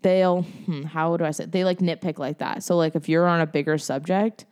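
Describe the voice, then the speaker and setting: A woman's voice: low voice, steady tone, fairly quick, a little mellow, clean tone. A young woman co-hosting a casual podcast, talking chattily with a lot of "like" and laughing often. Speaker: podcast co-host. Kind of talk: casual chat.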